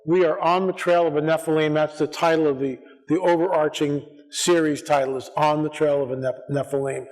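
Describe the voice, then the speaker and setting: Male conference speaker, slightly high voice, loose rambling storyteller, church-hall reverb. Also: fairly quick. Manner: rambling, animated, acts out quoted voices.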